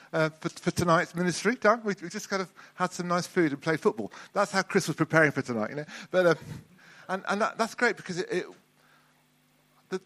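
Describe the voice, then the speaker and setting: A middle-aged man preaching a sermon in a relaxed, conversational way, often restarting and repeating words. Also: high voice.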